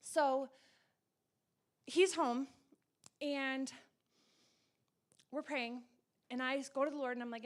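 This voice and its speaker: A woman with a high voice tells her story in a loose, chatty way. She laughs a lot and jumps up into excited bursts when she quotes herself or others. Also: takes it slowly, long pauses. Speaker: guest sharing her testimony. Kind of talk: casual personal storytelling.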